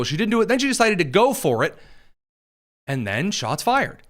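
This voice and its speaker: Sarcastic, animated male commentary host. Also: fairly high pitch, moderate pace. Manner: sarcastic and mocking, lively delivery. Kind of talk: live political commentary show.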